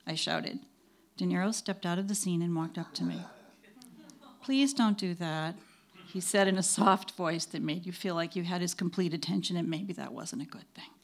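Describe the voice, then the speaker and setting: An older woman reading her own memoir aloud, with lively storytelling that briefly takes on the voices of the people she quotes. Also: on the low side, creaky. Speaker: memoir narrator.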